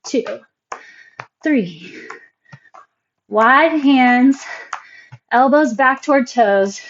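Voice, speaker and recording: A woman fitness instructor calmly cueing moves and counting reps through a workout class. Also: sits high, drawn-out words, dull audio, slight background noise. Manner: calm, encouraging cues and counting reps.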